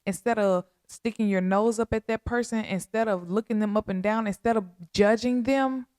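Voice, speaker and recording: A woman hosting a podcast, making a heartfelt spoken appeal in a slow, earnest, pleading way with a lot of repetition. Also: medium pitch, fairly even intonation, a little mellow, no echo, clean studio sound. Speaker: podcast host.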